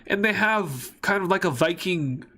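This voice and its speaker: A man's voice: high-pitched, expressive, moderate pace, sharp tone. A man casually narrating a map series, rambling and joking, often correcting himself mid-sentence.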